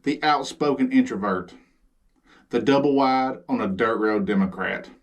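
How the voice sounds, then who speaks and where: A man's voice: mid-range voice, moderate pace, distant mic. A man with a Southern US accent giving a sarcastic, exasperated comedic monologue as the host of his own show. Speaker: comedy vlogger.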